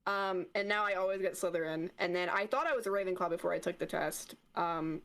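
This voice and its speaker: A woman streamer in casual chat, animated and swearing often, with frequent laughs. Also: on the low side, a little fast.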